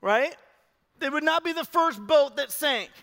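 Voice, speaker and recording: A male pastor preaching a sermon in a church, animated, swinging between loud urging and hushed emphasis. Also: extremely high pitch, measured pace. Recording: long reverb of a large hall.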